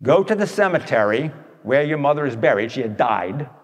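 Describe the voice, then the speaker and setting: A man telling stories to an audience in a blunt, animated way, tossing in rhetorical questions. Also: mid-range voice, brisk. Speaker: speaker addressing an audience. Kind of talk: storytelling talk to an audience. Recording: long echoey hall reverb.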